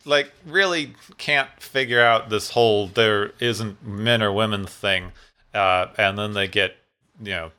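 A man's voice: lowish voice, measured pace, pushed and bright, clean tone. A man co-hosting a casual recap chat, summarizing plot in a wry, sarcastic way. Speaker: podcast co-host.

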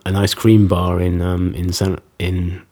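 A man's voice: sits low, completely flat delivery, unhurried, dark tone. A man, chatting casually and telling rambling stories with frequent laughs. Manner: rambling storyteller, laughs often. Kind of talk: casual conversation.

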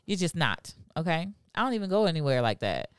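Smooth-voiced woman, frank podcast co-host. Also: sits low, sing-song, a little fast, no echo, clean studio sound. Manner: agreeable, frank, chimes in with affirmations. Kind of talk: casual chat.

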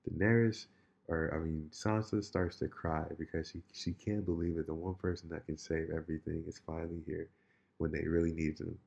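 A man in casual chat, telling a story in an animated, rambling way with many restarts. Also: sits low, a little fast, creaky, lo-fi sound.

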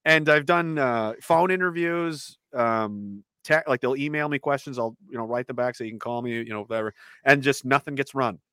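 A man's voice: mid-range voice, normal speed, smooth, no room sound. A man, a guest in a casual chat, telling stories with energy and mocking other people's words in put-on voices. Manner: animated storytelling, mocking voices in quotes.

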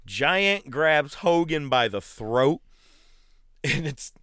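A man co-hosting a podcast, telling wrestling stories in casual chat and loudly mimicking the wrestlers he describes. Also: fairly high pitch, expressive, extremely slow, clear, resonant tone, dry recording, studio quality. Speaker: podcast co-host.

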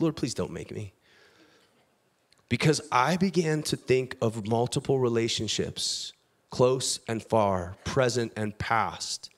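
A man preaching a sermon, reading scripture aloud, with big swings between loud, lifted passages and quiet, low asides. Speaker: pastor.

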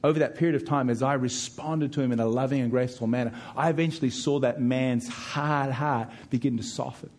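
A middle-aged man preaching a sermon as pastor, emphatic, with frequent repeated words as he pushes key points louder and higher. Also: steady tone, a little fast, hardly any pauses.

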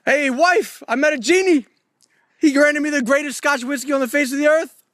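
A man voicing an excited husband in a joke, exclaiming loudly. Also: extremely high pitch, moderate pace, no echo, clean studio sound.

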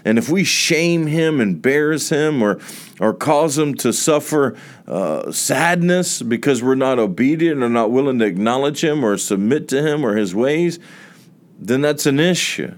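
A man's voice: mid-range voice, lively intonation, measured pace. A man preaching a sermon that tells a personal testimony, with emphatic phrasing and many repeated words.

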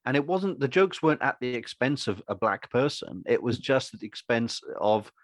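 A man who acts, talking through his opinions in a rambling, animated way and acting out other people's lines. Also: mid-range voice, moderate pace, no echo. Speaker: podcast co-host and actor. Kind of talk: casual opinionated chat.

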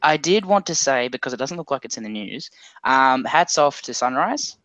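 A man's voice: medium pitch, expressive, moderate pace, a bit bright, no echo, dull audio. A man with an Australian accent co-hosting a casual podcast, easygoing and jokey. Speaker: podcast co-host.

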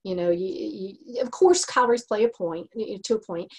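A woman's voice: mid-range voice, moderate pace, breathy edge. Earnest Texan woman hosting a podcast. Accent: Texas. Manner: earnest and warm-hearted, frequent laughs and restarts. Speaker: podcast host. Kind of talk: casual podcast chat.

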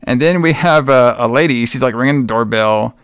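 A man's voice: medium pitch, brisk, clean tone, dry recording, clean studio sound. A man co-hosting a podcast, recapping a movie in a casual, profane, rambling way. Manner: rambling, profane, energetic retelling. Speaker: podcast co-host.

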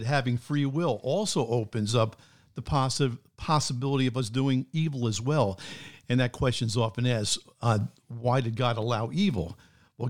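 A male pastor talks in an even, mid-range voice. He is earnest and measured, and sometimes reads aloud from prepared notes in a sincere tone. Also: mid-range voice. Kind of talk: casual chat.

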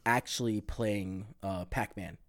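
A man co-hosting a podcast, talking in a loose, profane, animated way with plenty of fillers. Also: fairly low pitch, slow. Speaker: podcast co-host. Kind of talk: casual chat.

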